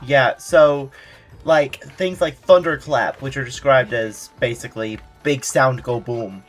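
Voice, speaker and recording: A man's voice: mid-range voice, a little slow, faint music behind. A man hosting a casual game stream, chatting in a wry, easygoing way and reading viewers' messages aloud. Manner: relaxed, wry, reads chat aloud. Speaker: streamer host. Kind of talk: casual gaming chat.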